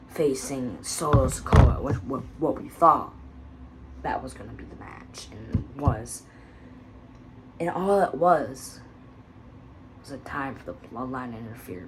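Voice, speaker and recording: A woman casually recapping a wrestling episode, rambling and excitable, with quiet muttered asides. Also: extremely low pitch, background noise.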